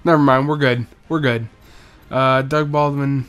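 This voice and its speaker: Over a football video game, a young man who makes gaming videos on YouTube jokes around, wanders through stats and does mock play-by-play. His mid-range voice is steady, unhurried and a bit bright, with a clean tone.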